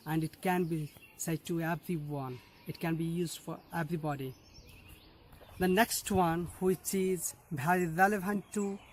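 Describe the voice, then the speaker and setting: Guy teaching english phrases, real slow and careful, faint noise behind. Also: on the high side. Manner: slow, deliberate, models phrases for learners to repeat. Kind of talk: spoken English lesson.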